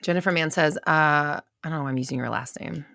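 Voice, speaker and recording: Chatty, bright-voiced woman live-streaming. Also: low voice, fast talker, gravelly, no echo, studio quality. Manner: chatty, swears, reads viewer comments aloud. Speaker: host of a live manifestation coaching stream. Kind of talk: casual live-stream talk.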